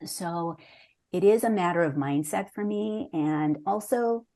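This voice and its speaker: A woman in her sixties talks through her writing life as an interview guest. Her voice sits a little low and sounds warm and mellow. She speaks earnestly and reflectively, sometimes restarting her sentences. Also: unhurried. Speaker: memoir author, interview guest. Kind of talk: conversational interview answers.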